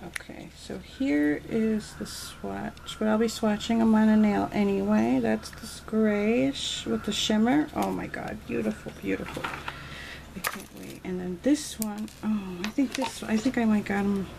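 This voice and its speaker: A woman's voice: mid-range voice, unhurried, creaky, hardly any pauses. A woman vlogger chatting casually as she shows off a nail-art haul, gushing and thinking aloud. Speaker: beauty vlogger. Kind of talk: casual unboxing chat. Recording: noisy home recording.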